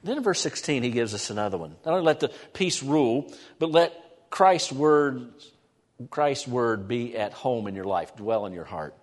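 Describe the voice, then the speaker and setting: Middle-aged male pastor, mid-pitched, lively conversational sermon, quick asides, dips into soft prayer. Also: long reverb tail. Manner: conversational, animated preaching with sudden drops to soft prayerful tones. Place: church sanctuary.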